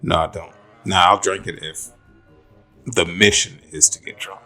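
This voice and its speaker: A man with a very low voice talks in a relaxed, casual way and drops joking asides. His tone is bright and forceful, with faint music playing behind him. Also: normal speed. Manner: laid-back, joking asides. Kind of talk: casual chat.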